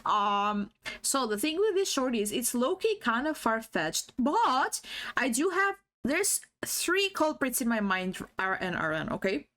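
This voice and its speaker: Her voice is a little high, very animated and a bit bright, at a measured pace. A woman streamer on a livestream with bad audio, she talks in a giggly, rambling way during casual chat, cursing freely and peppering her speech with fillers and restarts.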